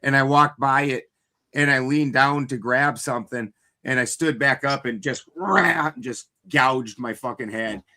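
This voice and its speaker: A man chatting casually, rambling through stories with plenty of swearing. His pitch sits in an ordinary middle range, and the talk stays relaxed and conversational. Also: measured pace. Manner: rambling storyteller, swears freely. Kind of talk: casual chat.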